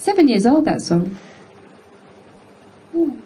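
High-voiced singer-songwriter woman chatting casually. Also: very animated, a little hiss or hum. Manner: chatty, offhand, quick to laugh. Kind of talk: casual chat between songs. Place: music studio. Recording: loud acoustic guitar behind voice.

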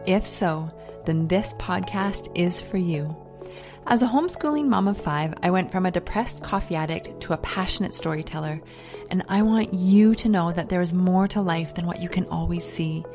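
A woman hosting a faith-based self-help podcast, telling stories earnestly and sometimes dropping to a soft near-whisper. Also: on the low side, moderate pace, music in the background. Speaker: podcast host.

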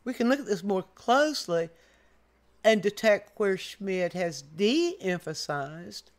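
A woman's voice: mid-range voice, big pitch swings, takes it slowly. An older woman walks the viewer through a painting lesson. Her delivery is patient and explanatory, and she guides the viewer's eye point by point. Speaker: art teacher.

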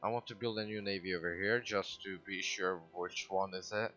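A man giving casual, excitable commentary while livestreaming a strategy game, swearing and breaking into sudden loud outbursts. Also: sits low, normal speed, highs cut off, faint music behind. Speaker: gaming livestreamer.

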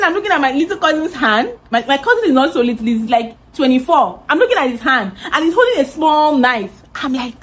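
A young woman with a Nigerian accent telling an animated storytime vlog, laughing and swearing as she goes. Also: sits high, a little fast, hardly any pauses. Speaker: vlogger.

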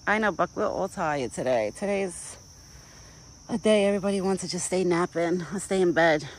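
A woman's voice: fairly low pitch, normal speed, slight background noise, poor audio. A young woman chatting casually outdoors as she vlogs on her phone, rambling on and cooing baby talk to a deer. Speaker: vlogger. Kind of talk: casual chat. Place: outdoors in a rural yard. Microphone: phone camera.

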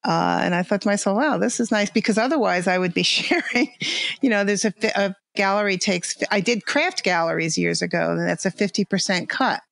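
A woman's voice: medium pitch, creaky, fairly bright tone, no echo. Older woman with a New York accent. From New York area. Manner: halting, many restarts and fillers, laughs easily. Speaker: guest artist and illustrator. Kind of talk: casual interview chat.

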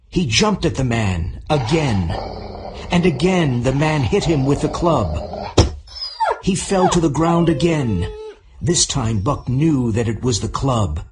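Man, audiobook narrator, very slow pace, clear deliberate reading, learner level. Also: mid-range voice, background noise.

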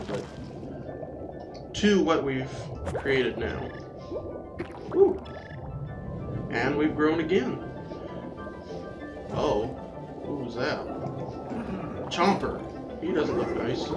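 A man giving casual, rambling gameplay commentary as a let's-play host, yelping excitedly whenever his creature gets attacked. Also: medium pitch. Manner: chatty, rambling, excitable yelps when attacked. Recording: roomy, distant mic, game music behind. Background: game music.

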